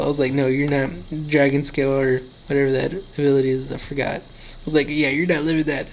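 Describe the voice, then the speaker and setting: Recorded on a handheld console, this poor-quality clip carries a little hiss or hum. A man who makes gaming videos talks fast in a fairly high, level voice. Drowsy and yawning, he chats through his own match and recounts his reactions.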